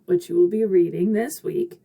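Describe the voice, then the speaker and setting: A woman's voice: lowish voice, lively intonation, normal speed, creaky, warm tone. A woman teaching a recorded literature lecture in a chatty, upbeat way, with casual asides and frequent fillers. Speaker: literature instructor.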